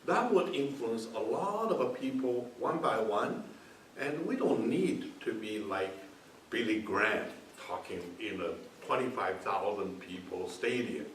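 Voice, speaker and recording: Slow-talking guy, plain halting phrasing, echoey meeting room. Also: on the low side, lively intonation, a bit bright, far from the mic, slight background noise. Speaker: club speaker. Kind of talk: impromptu club speech.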